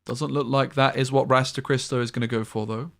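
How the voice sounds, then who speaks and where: A man casting a card game tournament live, calling plays briskly and thinking aloud between moves. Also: medium pitch, fairly even intonation, gravelly. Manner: brisk analytical play-by-play with thinking-aloud asides. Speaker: tournament caster. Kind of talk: live esports play-by-play commentary.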